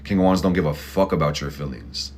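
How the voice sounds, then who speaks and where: A man's voice: extremely low pitch, brisk, a little mellow, a little hiss or hum. A man hosting an astrology and tarot reading, talking in a blunt, profane, pep-talk style full of slang. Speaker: astrology and tarot channel host. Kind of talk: casual motivational tarot reading.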